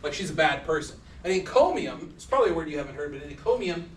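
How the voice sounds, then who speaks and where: A man lecturing a class with a fairly high voice, loose and joking, slipping into little voices for the people he quotes. He is picked up from across an echoey lecture hall, with faint noise behind him. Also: expressive, quick pace, recorded from a distance. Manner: casual, joking, acts out quoted speakers. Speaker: university lecturer.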